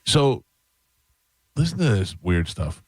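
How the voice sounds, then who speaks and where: A radio host telling a long, self-mocking story in a casual, rambling way, with restarts, into a close studio mic. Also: male voice, lowish voice, big pitch swings, slow pace, slightly rough, no room sound.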